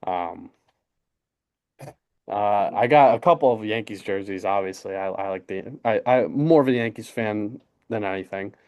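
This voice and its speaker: A man's voice: lowish voice, normal speed, smooth, highs cut off. A young man, co-hosting a podcast in casual, rambling sports chat full of fillers and restarts. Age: young adult. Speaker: podcast co-host.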